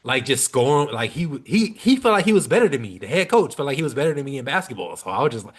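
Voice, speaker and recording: A young man on a podcast, telling a story in casual, animated chat. He talks in loose slang and swears freely. His voice sits at an ordinary middle pitch for a man. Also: quick pace. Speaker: podcast guest.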